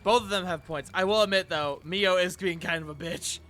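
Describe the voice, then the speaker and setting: A male streamer chatting casually while playing a video game, loud and excitable, swearing often. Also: high voice, brisk. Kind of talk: casual gaming livestream chat. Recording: noisy background ambience.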